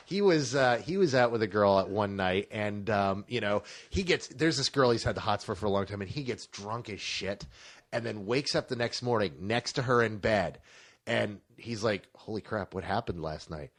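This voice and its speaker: A man's voice: mid-range voice, normal speed. A man co-hosting a casual film review podcast, enthusiastic and fond of telling anecdotes. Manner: enthusiastic, tells anecdotes with emphasis.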